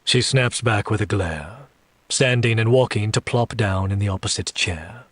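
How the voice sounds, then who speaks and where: Husky low-voiced man narrating a story. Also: a bit bright, no echo. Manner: slow, deliberate, low reading with menacing asides. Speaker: story reader. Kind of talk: first-person audiobook narration.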